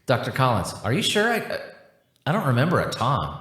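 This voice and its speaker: A man's voice: medium pitch, wildly swooping pitch, brisk, a bit bright. Man playing a confused polite scientist, hesitant, sorry-sounding, echoey room. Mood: unsure. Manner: hesitant, unsure, apologetic. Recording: roomy echo.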